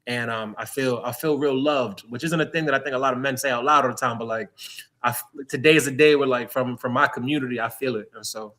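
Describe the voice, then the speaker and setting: A man from New York City talks in a candid interview, earnest and reflective, stopping and restarting his thoughts. His voice is bright and forward, at an ordinary pitch for a man. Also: fast talker. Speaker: guest.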